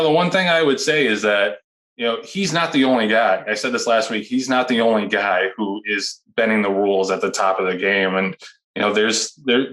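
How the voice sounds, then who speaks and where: Low-voiced man hosting a chatty panel. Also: a bit bright. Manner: rambling, many restarts, opinionated. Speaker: podcast host. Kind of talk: casual panel discussion.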